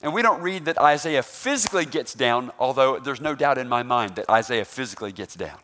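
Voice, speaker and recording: A man preaching a sermon, animated, rising loud on emphasis and asking the congregation questions. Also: mid-range voice, fairly quick, a little hiss or hum. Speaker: pastor.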